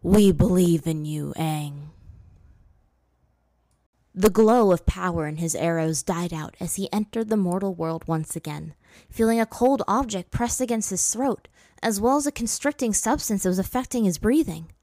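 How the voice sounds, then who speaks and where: A woman's voice: mid-range voice, normal speed, a little mellow. A woman reads a story aloud with a dry, close sound. She raises her voice for the characters' quoted lines. The room adds almost no echo. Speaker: narrator. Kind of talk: reading fan fiction aloud.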